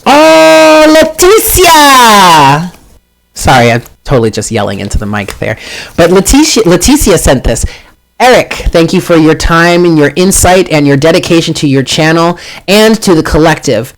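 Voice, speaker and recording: Brief: male live-stream host, higher-pitched, talkative, self-mocking, at a home desk mic. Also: animated, normal speed, slight background noise. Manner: chatty, self-deprecating, exclaims often. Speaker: tarot reader and channel host. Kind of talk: casual live-stream chat.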